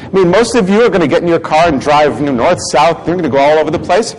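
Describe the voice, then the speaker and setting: A man from the Bronx, giving a lively customer service seminar to a live audience. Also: fairly high pitch, quick pace. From the Bronx, New York. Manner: animated, acts out reactions and quotes. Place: conference room with audience. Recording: echoey hall, faint room noise.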